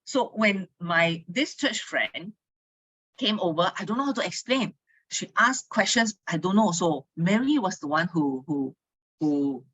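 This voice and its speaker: Bright-voiced chatty Singaporean woman. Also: lowish voice, dry recording, poor audio. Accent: Singaporean English. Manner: chatty storytelling, Singlish particles, frequent laughs; asks listeners for agreement. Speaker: speaker giving a testimony to a team. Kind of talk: casual online sharing talk.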